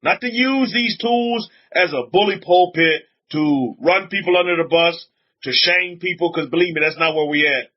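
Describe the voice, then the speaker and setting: Emphatic high-voiced male preacher, lo-fi. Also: normal speed. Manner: emphatic, repetitive preaching with frequent pitch swings. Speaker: rabbi. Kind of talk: livestream sermon reading chat comments. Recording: dull lo-fi audio.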